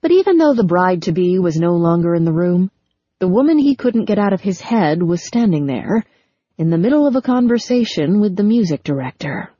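A woman narrating a novel in a measured storytelling manner. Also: on the low side, very animated, dark tone, breathy edge, dry recording. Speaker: audiobook narrator. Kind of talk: scripted narration. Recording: dull lo-fi sound.

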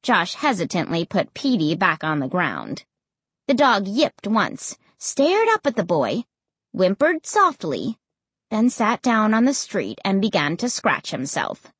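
A woman reading a children's story aloud, slow and unhurried with a breathy voice. Her pitch moves a lot as she reads expressively, and the recording is dry and close. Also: wildly swooping pitch, fairly bright tone, dry recording. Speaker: audiobook narrator. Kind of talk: scripted narration of a children's story.

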